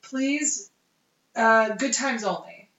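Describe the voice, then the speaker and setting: A woman co-hosting a casual podcast, hoarse and lower-voiced from illness, laughing often and swearing casually. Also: takes it slowly, fairly bright tone. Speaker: podcast co-host. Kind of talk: casual chat. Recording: echoey, slightly dull sound.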